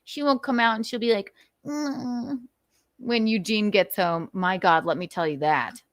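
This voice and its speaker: A woman's voice: medium pitch, moderate pace, no room sound, studio quality. A woman hosting a casual livestream, telling stories animatedly, swearing freely and laughing often. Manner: animated, profane and laughing storyteller. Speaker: livestream host.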